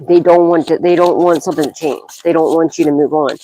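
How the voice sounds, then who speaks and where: A woman's voice: low voice, steady tone, fairly quick, mellow, a little hiss or hum, rough recording. A woman gives a psychic tarot reading as a loose, casual monologue. She is blunt and profane, scolding freely and breaking into bursts of laughter as she talks.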